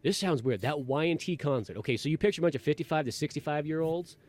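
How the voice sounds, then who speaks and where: A man hosting a podcast, telling a rambling, animated story in casual chat and acting out quotes in a raised voice. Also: fairly high pitch, quick pace. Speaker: podcast host.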